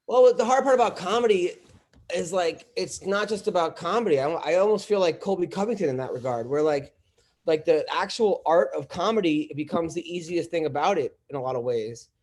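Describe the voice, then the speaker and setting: A man's voice: a little high, lively intonation, fairly quick, darkish tone. A man, a comedian, telling rambling stories in casual podcast chat, full of fillers and restarts. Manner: rambling storytelling with lots of fillers. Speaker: comedian guest.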